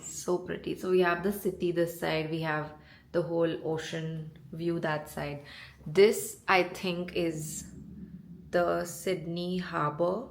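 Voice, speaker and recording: Young female travel vlogger with a lowish voice, gushing and excitable while nursing a cold. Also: takes it slowly, gravelly, a little hiss or hum. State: has a cold and sore throat. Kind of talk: casual travel vlog. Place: hotel room.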